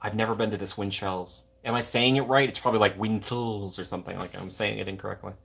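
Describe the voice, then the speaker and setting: A man's voice: fairly low pitch, fairly even intonation, fast talker, creaky, fairly bright tone, breathy edge. A young man from Minnesota, hosting a livestream, chatting casually and going off on jokey tangents while reading viewer comments. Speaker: livestream host.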